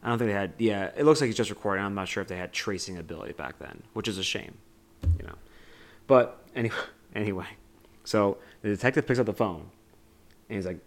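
A man co-hosting a podcast, casually retelling a film scene with lots of "like" and "you know". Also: lowish voice. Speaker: podcast co-host. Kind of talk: casual movie discussion.

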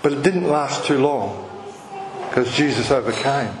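A man's voice: mid-range voice, expressive, measured pace. A man, a pastor who preaches an impassioned sermon, repeating phrases for emphasis. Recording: echoey hall with background noise.

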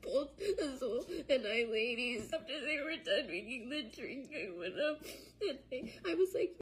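A woman's voice: high voice, animated, a little slow, rough recording. A woman recounting a bad personal experience, upset and tearful.

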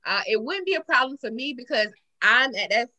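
Animated high bright-voiced woman telling stories. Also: fairly quick. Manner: animated storyteller, swings loud and high when worked up. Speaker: panel guest. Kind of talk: casual chat.

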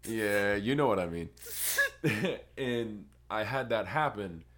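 A man's voice: fairly low pitch, lively intonation, slow, a bit bright. A young man on a podcast, rambling through a crude story in casual chat. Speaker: podcast co-host.

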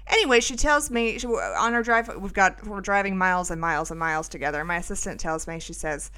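Chatty middle-aged woman rambling thru a story, bright clear voice, lots of "like"s. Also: lowish voice, brisk. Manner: chatty, rambling, self-mocking, lots of fillers. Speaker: podcast host. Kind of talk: casual storytelling monologue.

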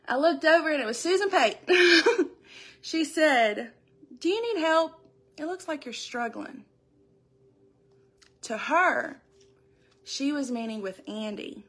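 A young woman giving an earnest, emotional church testimony, tearful and halting as she speaks. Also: fairly high pitch, a bit bright.

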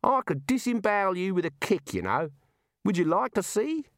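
Storybook kangaroo, male, blunt and dry, read by a man; lively delivery, dry close sound. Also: sits high, normal speed, dry recording, pitched above the performer's own voice.

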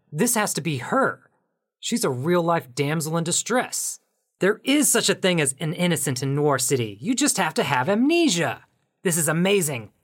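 An actor playing a wisecracking hard-boiled male detective, narrating in a wry, deadpan noir comedy style. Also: a little high.

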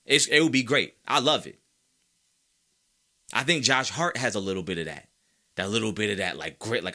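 A man hosting a sports talk podcast, ranting with loud, high-pitched outbursts between stretches of lower, calmer talk. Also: a little fast. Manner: animated, swings into high-pitched shouts. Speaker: podcast host. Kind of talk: fired-up sports talk rant.

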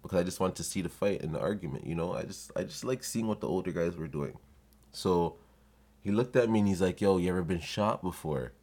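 This podcast host has a deep voice and speaks fast, delivering a comedic storytelling monologue. He's profane and lively, mimicking the voices of people he quotes with laughs.

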